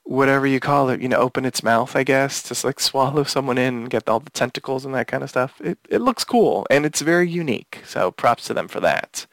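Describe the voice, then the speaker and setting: A man's voice: mid-range voice, animated, brisk, few pauses, a bit bright, no echo. A man hosting a casual podcast discussion, rambling with frequent restarts and fillers. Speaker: podcast host.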